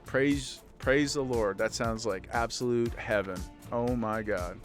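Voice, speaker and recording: A man's voice: mid-range voice, measured pace, soft background music. A man livestreaming a game, chatting casually with his viewers in a rambling way and often restarting his sentences. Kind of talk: casual chat with viewers while gaming.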